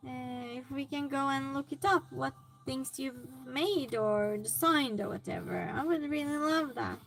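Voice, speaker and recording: A woman streamer in casual chat, reading viewer comments aloud and reacting with animated exclamations. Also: high voice, measured pace, creaky.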